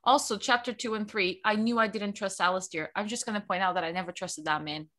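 A young woman from Portugal co-hosting a book podcast, chatting in a lively, self-mocking way. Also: medium pitch, fast. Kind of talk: casual chat.

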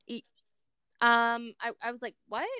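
A young woman tells a story on a podcast, bringing to life what each person said. Her voice is fairly high and smooth. The recording is close and dry. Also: a little slow, no echo. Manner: animated storyteller who acts out quoted voices. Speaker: podcast co-host. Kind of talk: casual chat.

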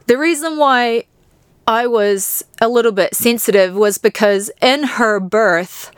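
A woman's voice: a little high, clear, resonant tone, dry recording, clean studio sound. A woman from New Zealand with a New Zealand accent, hosting a podcast and candidly, emotionally retelling personal stories. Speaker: podcast host.

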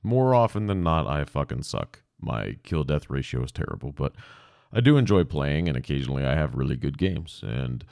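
A man's voice: rumbling low, very animated, moderate pace, gravelly, a little mellow, dry recording, studio quality. A young man hosting a podcast, rambling casually and self-deprecatingly with lots of swearing. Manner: profane, self-deprecating, digressive. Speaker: podcast host. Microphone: podcast microphone.

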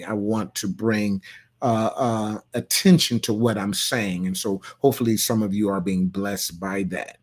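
Folksy pastor chatting with online viewers. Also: male voice, on the low side. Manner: loose, folksy, playful, with sudden loud bursts. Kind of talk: livestream sermon talk reading viewer comments.

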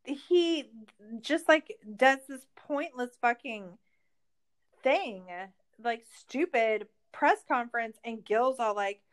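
A woman's voice: high-pitched, takes it slowly. A woman podcast host in a casual recap chat, ranting in exasperation and swearing a lot.

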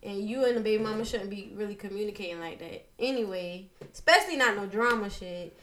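A woman's voice: mid-range voice, fast talker, a bit bright. A woman co-hosting a podcast, chatting casually and frankly, reading listener questions and laughing often. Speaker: podcast co-host. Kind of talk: casual chat.

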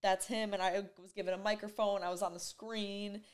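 A woman's voice: medium pitch, level tone, fairly quick. A young woman vlogging, telling a personal story in a rambling, emotional way, full of "like". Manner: rambling and emotional, heavy use of "like". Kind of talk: casual storytelling to camera.

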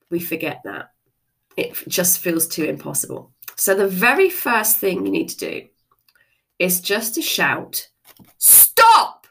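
Frank woman with a gravelly, lively voice. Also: lowish voice. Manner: frank and conversational, with casual swearing. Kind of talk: motivational talk.

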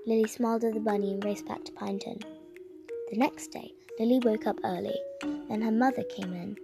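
A woman's voice: a little high, fairly even intonation, creaky. A woman reading a story aloud, stumbling and restarting now and then. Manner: halting, with frequent restarts. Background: music.

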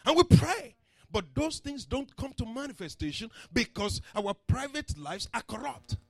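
High-voiced preacher swinging soft to loud. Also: male voice, lively intonation, moderate pace. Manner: dramatic, swings from soft to shouting, acts out story voices. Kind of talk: sermon. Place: church service.

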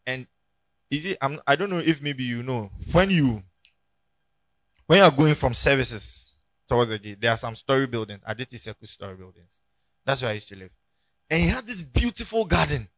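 A Ghanaian man preaching a sermon in church, telling stories and rising to loud emphatic peaks. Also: mid-range voice, dry recording. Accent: Ghanaian English. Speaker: pastor. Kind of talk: sermon with anecdotes.

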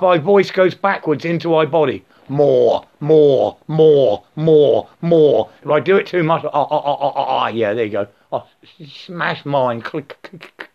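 A man rambling in a spiritual monologue, stammering and repeating words, sometimes breaking into slow chanted nonsense syllables. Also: a little high. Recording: slightly dull lo-fi recording.

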